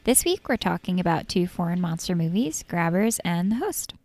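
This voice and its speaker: A woman's voice: on the low side, sing-song, moderate pace, darkish tone, no room sound. A woman co-hosting a film podcast in casual chat, giggly and full of "like" fillers. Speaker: podcast co-host.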